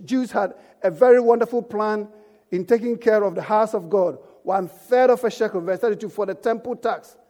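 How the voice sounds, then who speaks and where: A man's voice: high voice, warm tone. A man preaching a sermon as pastor, emphatic and calling out for amens from the congregation. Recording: echoey church hall.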